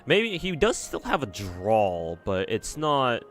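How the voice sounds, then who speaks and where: A man's voice: medium pitch, huge pitch swings, takes it slowly, a bit bright, soft background music. A man streaming a game, rambling casually and swearing freely as he reacts. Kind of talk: casual gameplay commentary.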